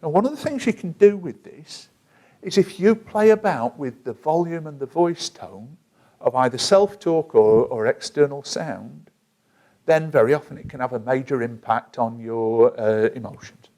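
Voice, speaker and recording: A man with a voice of ordinary middle pitch talks a listener through a self-help technique. He stays gentle and measured, and he slows down to give each instruction. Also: expressive. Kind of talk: calm guided instruction.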